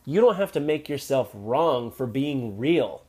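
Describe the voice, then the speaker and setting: Guy doing a motivational podcast alone, keeps saying right?, goes loud then quiet, mid pitch. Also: expressive, slightly rough. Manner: emphatic, repeats "right?" to the listener; speeds up and slows down, swings between loud and soft. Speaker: podcast host.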